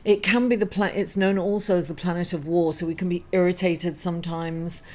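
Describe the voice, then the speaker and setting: Middle-aged woman host, grieving, halting astrology talk to camera, apologetic, full of fillers and restarts. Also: fairly low pitch, steady tone. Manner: halting and apologetic, many fillers and self-corrections. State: grieving, emotional. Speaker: astrology reader and channel host. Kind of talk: casual weekly astrology reading to camera.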